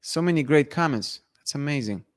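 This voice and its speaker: A man's voice: fairly high pitch, animated, brisk. Emphatic man hosting a casual live chat. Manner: emphatic, repetitive, playful. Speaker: livestream host.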